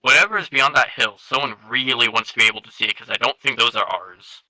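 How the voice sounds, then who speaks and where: Man, game chat player, steady callouts, very bright and dry headset sound. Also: mid-range voice, quick pace, no room sound, rough recording. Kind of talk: gaming voice chat.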